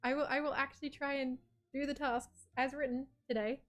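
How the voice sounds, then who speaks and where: Chatty young woman with a high voice. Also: level tone, fairly quick, a bit bright, soft background music. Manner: chatty, rambling, with frequent "like" and laughs. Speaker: streamer playing a story game. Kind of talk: casual let's-play commentary.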